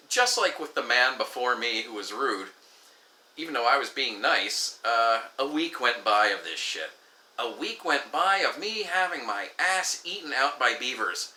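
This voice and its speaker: A man's voice: mid-range voice, expressive, moderate pace, bright, forceful tone. A man vlogging an exasperated, profane rant, acting out the exchanges he quotes. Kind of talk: ranting storytelling to camera. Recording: echoey room.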